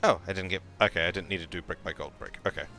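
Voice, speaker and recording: A man streaming a game, talking casually, swearing and reacting with excitement. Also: deep voice, rapid-fire, soft background music. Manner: excitable, swears, laughs easily.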